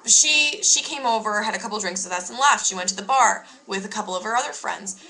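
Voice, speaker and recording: A woman's voice: medium pitch, a little fast, sharp tone, rough recording. A young woman casually telling a story to camera, candid and emphatic, swearing freely. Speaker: vlogger.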